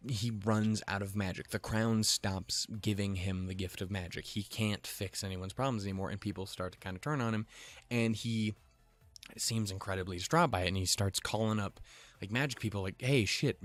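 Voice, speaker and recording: A young man recapping an animated episode in casual, rambling commentary, swearing freely and wandering into jokey asides. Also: lowish voice, moderate pace. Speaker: video reviewer.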